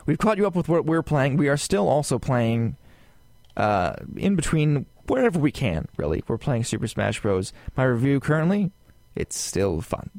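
A man's voice: medium pitch, dry recording. Rambling man on a casual podcast. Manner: rambling and animated, many fillers and asides. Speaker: podcast co-host. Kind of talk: casual gaming podcast chat.

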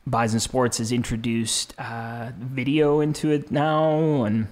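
Mid-pitched man, unhurried guest talk. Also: steady tone, darkish tone. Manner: unhurried, many uh fillers, friendly storytelling. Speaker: campus radio staff member, guest. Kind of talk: casual interview talk.

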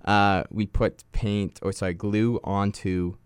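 Young guy on a podcast, lowish smooth voice, rambly stories, dry close mic. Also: steady tone, slow pace, no echo. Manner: rambling storyteller, many fillers and restarts. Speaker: podcast co-host. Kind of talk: casual chat.

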